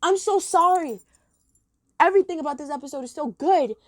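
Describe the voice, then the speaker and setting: A woman's voice: high voice, expressive, fairly quick, no echo, studio quality. A woman chatting casually as she ranks cartoon episodes, gushing and giggly. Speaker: episode ranking vlogger. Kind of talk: casual chat.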